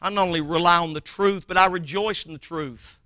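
A male preacher at a revival meeting, his voice high and cutting with a sharp, forceful edge. He swings from shouted calls to hushed, low quoting of scripture. The sound is dry and close, with almost no room around it. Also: fairly even intonation, fairly quick, no room sound. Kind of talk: revival sermon.

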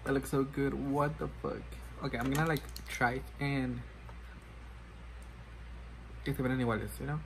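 A man's voice: medium pitch, steady tone, moderate pace, pauses often, a little hiss or hum, rough recording. A man chatting casually while doing his makeup, rambling and self-mocking, switching languages mid-sentence. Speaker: makeup vlogger.

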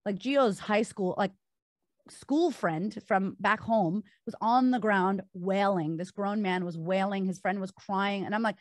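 A woman's voice: mid-range voice, unhurried, no echo, studio quality. A woman guest on a podcast recounting a personal story candidly, with many filler words.

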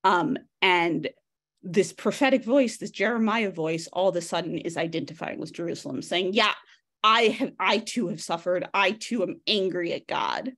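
A woman's voice: lowish voice, normal speed, fairly bright tone. A woman leading a text study over a video call, speaking conversationally, thinking aloud with frequent restarts and addressing participants by name. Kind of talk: casual teaching, reading and discussing a text.

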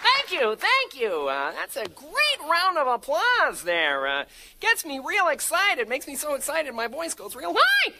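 In a comedy sketch, a woman plays a joking male talk-show host and rattles off punchlines in an upbeat way. Her exaggerated voice sits high, swings hugely in pitch, and sounds bright and forceful, though her pace is unhurried. A faint crowd can be heard in the noisy TV studio broadcast, which has an audience.

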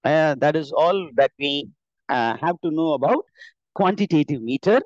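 A man's voice: fairly high pitch, animated, moderate pace, darkish tone, no echo. A man with an Indian English accent teaching a live online lesson, explaining step by step with many filler "uh"s and self-corrections. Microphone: computer mic on an online class call. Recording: dull, dry online call audio.

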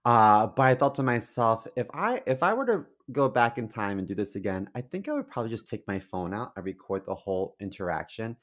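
A man co-hosting a podcast, telling stories in a casual chat, animated, blunt and crude. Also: fairly low pitch, a little fast, hardly any pauses. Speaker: podcast co-host.

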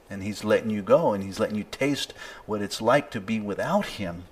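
Low-voiced man preaching conversationally. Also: moderate pace. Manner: conversational preaching with fillers, reads scripture aloud with rising emphasis. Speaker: pastor. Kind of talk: sermon.

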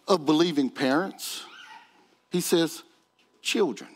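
Male pastor, higher-pitched voice, preaching a sermon with fervent rhetorical questions. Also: a little slow, long pauses.

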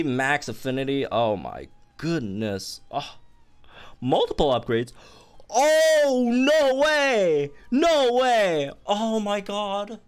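A young man giving excited commentary on a game update, bursting into squeals and laughter as he talks to viewers. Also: mid-range voice. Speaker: gaming youtuber.

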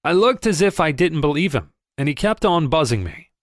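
A man reading a first-person audiobook in a lively storytelling manner, close to the mic. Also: a little high, normal speed, no room sound. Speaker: audiobook narrator.

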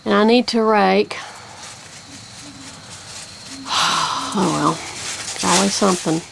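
A woman's voice: medium pitch, a little slow, gravelly, noisy background. A woman who teaches about birds of prey, chatting casually outdoors by a barn and cooing baby talk to her birds. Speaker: bird of prey educator.

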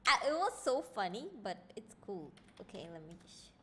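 A young woman streaming a game, chatting excitably and reading lines aloud. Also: mid-range voice, normal speed. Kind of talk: live game commentary.

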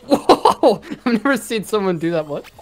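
Playful laughing gamer man, lively pitch. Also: moderate pace, soft background music. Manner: playful, laughs easily, teasing. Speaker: co-player and guest. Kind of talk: casual gaming chat.

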